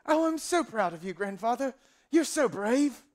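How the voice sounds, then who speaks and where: A man's voice: very high-pitched, very animated, moderate pace, pitched above the performer's own voice. A man voicing an eager, awestruck young grandson who gushes his questions. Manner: breathless gushing questions.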